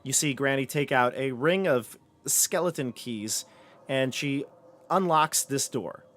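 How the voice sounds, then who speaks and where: A man's voice: mid-range voice, unhurried, fairly bright tone. A man running a tabletop game as dungeon master, describing rooms and reading descriptions aloud.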